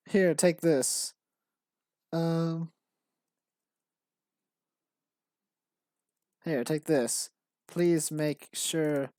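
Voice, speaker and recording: A man's voice: on the high side, a little mellow, no room sound, studio quality. A man voicing an overdramatic, gushing male townsperson from a game he is making. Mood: pleading. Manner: melodramatic, gushing, raised voice.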